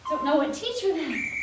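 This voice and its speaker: A woman's voice: high-pitched, heavy background noise. A young woman leading a senior workout class as a fitness instructor, chatty, joking and encouraging while she exercises along. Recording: very echoey room, voice from far off.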